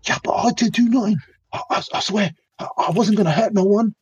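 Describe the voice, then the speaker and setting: A man's voice: sits high, expressive, moderate pace, a little mellow, husky, pitched above the performer's own voice, exaggerated voice. Man doing a panicky young suspect pleading. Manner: pleading, stammering, repeats words. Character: frightened young male suspect, stammering. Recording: dull lo-fi audio.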